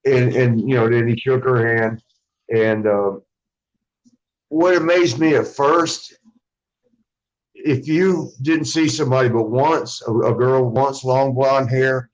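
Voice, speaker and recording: A man's voice: medium pitch, fairly even intonation, slow, highs cut off. Rambling man telling wrestling stories. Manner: rambling, swears freely, acts out quotes of others. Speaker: interview guest, former wrestler. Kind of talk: casual storytelling.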